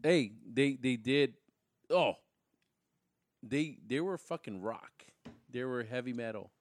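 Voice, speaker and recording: A man's voice: medium pitch, slow, no echo. A man co-hosting a casual podcast, laid-back and swearing freely. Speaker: podcast co-host. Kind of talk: casual chat.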